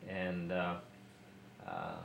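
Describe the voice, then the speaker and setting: A man interviews a relative about family history, pausing often as he shapes his questions. His voice is on the low side. The room is echoey with a faint hiss. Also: sing-song, gravelly, fairly bright tone. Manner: hesitant, many fillers while framing questions.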